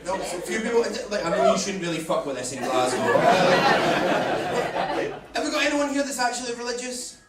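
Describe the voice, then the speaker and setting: A stand-up comedian from Denmark with a fairly high, lively voice, swearing freely as he works the crowd. He sounds distant in an echoey club, with loud audience laughter behind him. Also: normal speed, very noisy. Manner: swearing, animated joke telling. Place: comedy club stage before a live audience.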